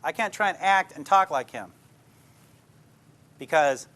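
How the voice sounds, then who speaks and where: A man's voice: on the high side, animated, measured pace, a bit bright. An older man, a police detective, giving an informal talk to a live audience, plainspoken and full of anecdotes that he checks in on with his listeners. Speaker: police detective speaking to a class.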